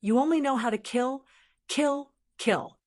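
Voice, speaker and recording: A woman's voice: high voice, measured pace, a little mellow, voice pushed up. A woman voicing a composed young noblewoman who speaks lightly and coolly. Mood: scolding. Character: young noblewoman, calm, sharp-tongued clan leader.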